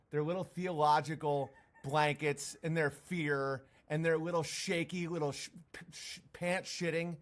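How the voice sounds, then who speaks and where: A man streaming a profane, mocking rant, breaking into sarcastic impressions. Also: fairly high pitch. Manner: mocking, profane, jumps into sarcastic put-on voices. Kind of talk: profane ranting monologue.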